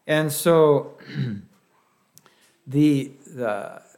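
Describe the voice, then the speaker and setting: A man with a Pennsylvania Dutch accent delivering a sermon, folksy and halting, often restarting his words. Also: fairly high pitch, a little mellow. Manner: halting, with many restarts and fillers; folksy, with light humor. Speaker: preacher.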